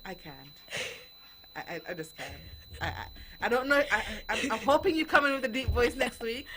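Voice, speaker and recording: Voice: medium pitch, sing-song, fairly quick, pushed and bright, a little hiss or hum, low-quality recording. A radio show host chatting casually on air with a young guest in the studio, laughing often and tripping over repeated words.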